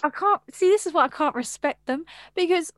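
A woman co-hosting a casual chat podcast from England, an animated storyteller who swears and laughs a lot. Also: very high-pitched, brisk, no echo, clean studio sound. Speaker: podcast co-host.

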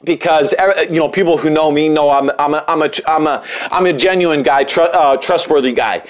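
Young male podcast host with a high voice, loose and joking, talks in restarts. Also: normal speed. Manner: rambling, joking, frequent restarts and fillers. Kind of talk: casual sports podcast talk.

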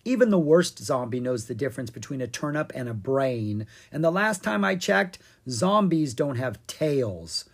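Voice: mid-range voice, very animated, moderate pace, few pauses, husky. A reader voicing a chatty, sly old witch in a children's storybook, talking in a sing-song way.

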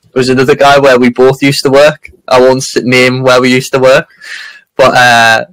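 A man chatting casually on a podcast, rambling through stories with frequent laughter and restarts. His voice sits at an ordinary middle pitch. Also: flat delivery, normal speed, a bit bright, low-quality recording. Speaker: podcast co-host. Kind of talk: casual chat.

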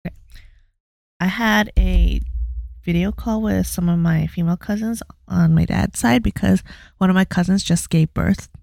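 A young woman co-hosting a podcast, chatting casually and telling stories in a relaxed way. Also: fairly low pitch, moderate pace, gravelly, dry recording, clean studio sound. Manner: relaxed storytelling, laughs easily. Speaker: podcast co-host. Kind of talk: casual chat.

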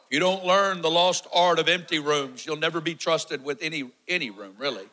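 With a slightly high voice and a brisk pace, a fortyish man preaches his testimony, telling the story energetically and performing its shouts and quotations. The recording is poor.

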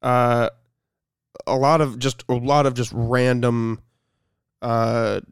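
A young man hosting a casual podcast, relaxed and full of fillers, talking close to the mic. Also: medium pitch, takes it slowly, smooth, no echo. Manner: relaxed, filler-heavy, laughs easily. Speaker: podcast host.

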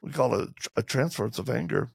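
A man, an interview guest, telling candid and humorous stories in conversation and acting out quotes in lively voices. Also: medium pitch, quick pace, creaky, slightly rough, no echo, clean studio sound. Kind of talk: animated storytelling in conversation.

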